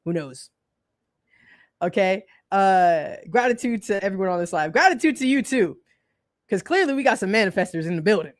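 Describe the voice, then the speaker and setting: A woman's voice: mid-range voice, no echo. Casual woman livestream host, dry close sound. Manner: conversational, colloquial, laughs often.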